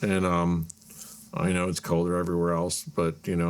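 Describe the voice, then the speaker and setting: A man's voice: low-pitched, little pitch movement, brisk, clear, resonant tone. A man hosting his own show, talking casually and rambling in a chatty, self-deprecating way from a cold home garage. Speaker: podcast host. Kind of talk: casual solo talk.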